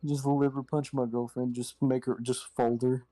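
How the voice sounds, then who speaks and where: A man's voice: medium pitch, flat delivery, moderate pace, dark tone. A young man joking and telling funny stories in casual chat with friends. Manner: joking, laughing storyteller.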